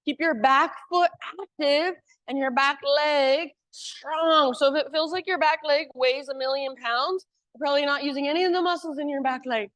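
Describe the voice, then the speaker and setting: A woman teacher guiding a live yoga class with calm, encouraging cues. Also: high voice, normal speed, few pauses, no echo.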